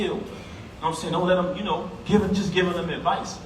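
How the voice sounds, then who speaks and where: A man's voice: sits high, steady tone, brisk. New York man giving an emphatic eulogy. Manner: emphatic, street-casual, talks straight to the crowd. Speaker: eulogy speaker at a funeral. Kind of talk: heartfelt eulogy speech. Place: funeral service in a large echoey hall. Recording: echoey hall from far off, noisy.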